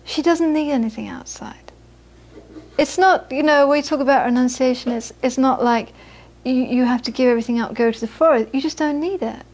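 A woman teaches as a Buddhist teacher, her voice bright and high. She tells anecdotes with animated quoted voices and drops to a soft, hushed tone for reflection. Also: fairly quick, few pauses. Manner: storytelling, animated when quoting, soft and hushed on inner peace. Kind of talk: dharma talk with anecdotes.

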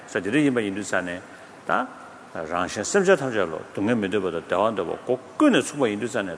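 A man giving a Buddhist teaching in an animated way, chuckling often. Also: on the low side, fast, vocal fry. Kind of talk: dharma teaching in a hall. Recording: long hall reverb, faint noise.

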